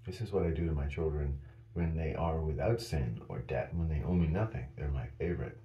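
A man's voice: a bass voice, brisk, highs cut off, a little hiss or hum. A man voicing a boastful, cruel male sky-father god in a mocking, self-satisfied way, with a roomy echo.

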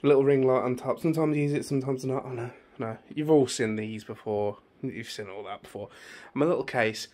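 A man with a hoarse, fading voice, rambling chattily through a casual room tour vlog filmed on a phone in his bedroom. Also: medium pitch, brisk, darkish tone. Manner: rambling, chatty, easily sidetracked. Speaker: YouTuber.

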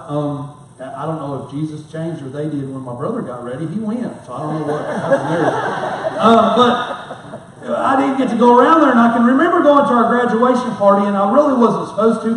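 Folksy high-voiced middle-aged pastor in echoey hall. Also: male voice, slight background noise. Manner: folksy, rambling, self-mocking humor. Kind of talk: storytelling sermon. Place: church sanctuary. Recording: very echoey hall, mic far off.

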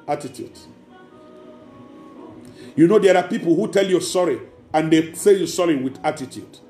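A man's voice: a little high, lively intonation, normal speed, mellow. A man preaching a sermon as pastor, emphatic and repeating key words. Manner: emphatic preaching with acted quotes. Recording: echoey room with faint music.

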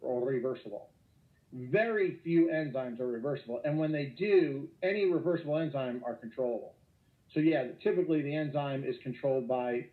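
Energetic male lecturer, lively pitch, echoey thin call audio. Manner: energetic, joking, exclamatory. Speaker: teacher. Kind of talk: online lecture. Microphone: computer mic. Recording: echoey, tinny phone-like online call.

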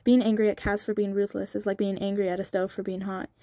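A woman reading the lines of a resolute young female thief in a storybook reading, quiet and firm. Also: mid-range voice, flat delivery, quick pace, no room sound, clean studio sound, natural voice. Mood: soothing.

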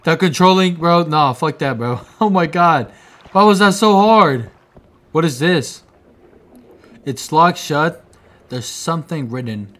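A young man giving excitable let's-play commentary, swearing, laughing and talking back to the game as he plays. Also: fairly high pitch, slow pace, pauses often. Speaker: gamer playing through a video game.

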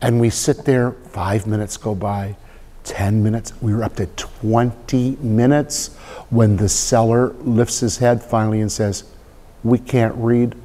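Older man, blunt, animated storyteller, long hall reverb. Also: lowish voice, measured pace, noisy background. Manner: blunt, animated anecdotes with acted-out dialogue. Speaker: guest speaker, veteran realtor. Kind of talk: storytelling talk before a live audience. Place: event room.

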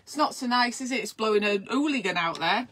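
A woman's voice: on the high side, lively intonation, fairly quick, a bit bright, a little hiss or hum. A middle-aged woman, chatting casually and rambling on a live stream as a midwife host, encouraging her viewers.

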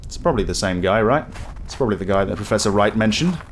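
A man's voice: on the low side, expressive, quick pace, a little hiss or hum. A man casually commenting while playing a game, with chatty, self-deprecating asides. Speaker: let's play host.

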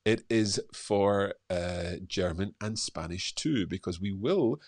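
A middle-aged man hosting a live stream, talking in a relaxed, chatty way with lots of fillers while he reads out viewers' comments. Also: low voice, slow, no room sound, clean studio sound. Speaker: host.

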